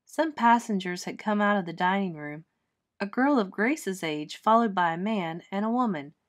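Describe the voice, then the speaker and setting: Brief: female teacher, mid pitch, expressive read-aloud of a kids' chapter book. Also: normal speed. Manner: expressive, clear storytelling. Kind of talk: children's storybook read-aloud.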